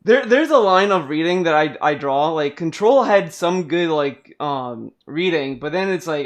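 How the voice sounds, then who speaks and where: A man's voice: fairly high pitch, animated, normal speed. A man hosting a casual podcast, chatting about games in a rambling way full of fillers and restarts. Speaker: podcast host.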